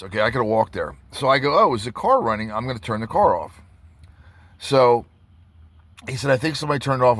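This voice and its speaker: A man's voice: medium pitch, a bit bright, dry recording. A tattoo artist telling a rambling story in a casual vlog, full of restarts and asides to his viewers.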